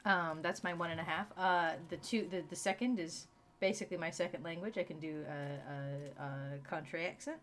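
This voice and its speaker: A man's voice: on the high side, brisk, a bit bright, slight background noise. A man from Texas streaming a game, chatting in a rambling, self-mocking way and laughing often. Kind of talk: casual chat while gaming.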